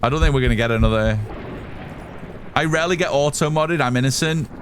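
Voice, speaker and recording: A loud, excitable man, chatting casually with his live-stream chat while gaming and swearing freely. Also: on the high side, fairly quick, a little hiss or hum.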